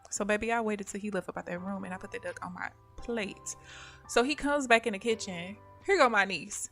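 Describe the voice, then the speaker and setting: A woman host of a live stream, telling a casual story to her chat in an animated way, laughing often and acting out the voices of the people she quotes. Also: medium pitch, brisk, soft background music.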